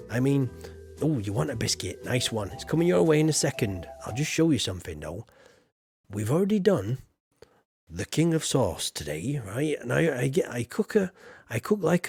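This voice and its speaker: A man's voice: mid-range voice, creaky, darkish tone. A man from Yorkshire with a southern English accent, chatting playfully to his viewers while streaming a farming game. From Yorkshire, England. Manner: chatty, playful, talks straight to chat viewers. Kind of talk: casual live-stream chat while gaming.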